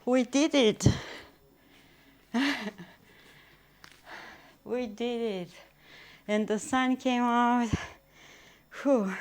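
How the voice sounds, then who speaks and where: A woman's voice: mid-range voice, smooth. A woman livestreaming at home, out of breath after a workout and chatting casually with her viewers. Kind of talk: casual live stream chat. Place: home, moving into a kitchen.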